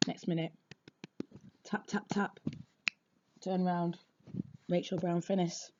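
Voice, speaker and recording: A woman football supporter telling a casual story in a chatty, lively and blunt way, on a dull lo-fi recording. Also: on the low side, slow pace, background noise.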